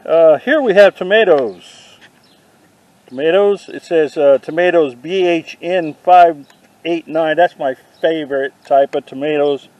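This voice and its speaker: A man vlogging a walk through an outdoor garden, dropping deadpan puns as he goes. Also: fairly high pitch, measured pace, no room sound, rough recording. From not from the South. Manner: deadpan punning asides. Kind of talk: joking walk-through commentary. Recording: faint outdoor noise.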